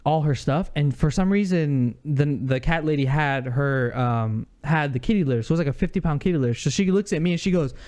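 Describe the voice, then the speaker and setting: Guy with a pretty high voice, podcast cohost, animated story, laughing a lot. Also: brisk, few pauses. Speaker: podcast co-host. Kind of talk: casual chat.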